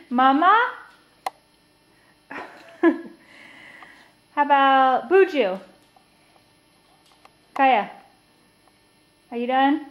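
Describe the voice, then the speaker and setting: A woman's voice: high-pitched, very animated, extremely slow, long pauses, dull audio. A woman talking to her toddler in a home video, with playful, sing-song, coaxing baby talk. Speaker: mother filming her toddler.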